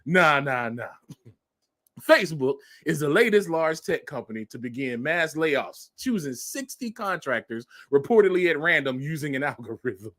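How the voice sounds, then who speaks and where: A man's voice: fairly high pitch, animated, moderate pace, fairly bright tone. A man reading news headlines aloud and adding sarcastic commentary, laughing often. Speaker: commentary vlogger.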